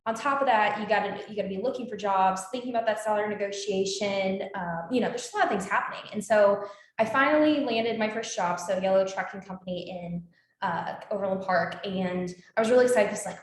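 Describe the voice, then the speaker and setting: A woman's voice: medium pitch, a little fast. A woman in her twenties, a guest in a casual interview, telling a story with lots of fillers and quoted dialogue. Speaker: alumni guest. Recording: echoey room.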